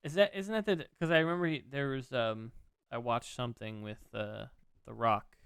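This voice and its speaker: Excitable rambling man, smooth voice. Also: medium pitch, moderate pace, dry recording. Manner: rambling, excitable, swears freely. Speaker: podcast co-host. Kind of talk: casual chat.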